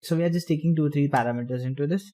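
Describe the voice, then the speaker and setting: A man explaining programming step by step while typing, in halting phrases. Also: a little high, dark tone. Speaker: programming tutor. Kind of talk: screen-recorded coding tutorial.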